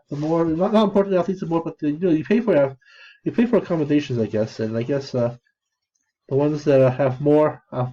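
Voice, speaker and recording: A man vlogging in a flat, downcast monotone, rambling and restarting his sentences often. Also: fairly high pitch. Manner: halting, many restarts and fillers. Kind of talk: rambling casual monologue. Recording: dull lo-fi recording.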